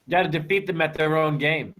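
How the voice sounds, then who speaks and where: A man in a casual online hangout chat, talking loudly and emphatically and rambling with fillers. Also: on the high side, quick pace. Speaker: hangout participant.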